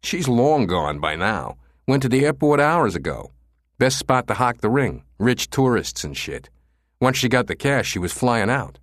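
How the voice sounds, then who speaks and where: A man's voice: mid-range voice, big pitch swings, measured pace, a bit bright, no room sound, clean studio sound, pitched above the performer's own voice. A man voicing a crude, cocky young male punk who swears and mocks, in a raised voice. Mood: mocking, brash. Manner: brash, swearing, mocking.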